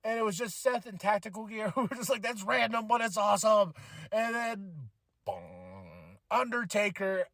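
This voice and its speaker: A man hosting a podcast, giving an excited, emotional casual recap of a wrestling show. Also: sits high, fairly quick, creaky, dry recording. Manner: excited, emotional, animated retelling with laughs. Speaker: podcast host.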